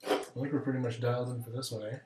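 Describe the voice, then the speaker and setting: Man, podcast co-host, steady joke delivery, roomy sound. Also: medium pitch, racing. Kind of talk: casual chat, telling a joke.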